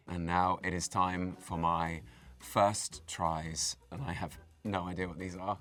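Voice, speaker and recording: A deep, low-pitched Englishman in his forties chats in a relaxed, playful way, giggling easily as an interview guest. His English accent is clear. Faint music plays underneath. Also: measured pace. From England. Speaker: actor and singer guest. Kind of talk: casual interview chat.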